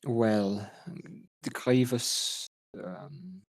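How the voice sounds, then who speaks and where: A proud, pious woman cleric who deliberately bears her own wounds, voiced by a man, speaking with a thick French accent. Her words come slow and solemn from a lowish voice. The sound is dry and close. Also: gravelly, slightly rough, dry recording, heavily acted. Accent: French (put on).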